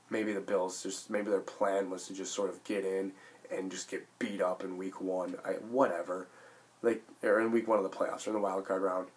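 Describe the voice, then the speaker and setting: A man in his late twenties with a hoarse voice from illness, talking in a rambling, emphatic sports vlog full of restarts. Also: lowish voice. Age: late 20s. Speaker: sports vlogger. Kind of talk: casual sports vlog monologue.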